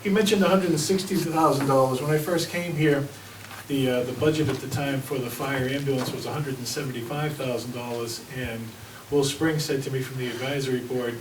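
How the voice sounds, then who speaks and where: A man's voice: mid-range voice, fairly even intonation, a little fast, background noise. A man, a fire chief, giving a plainspoken report with anecdotes at a town board meeting. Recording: echoey room, mic at a distance.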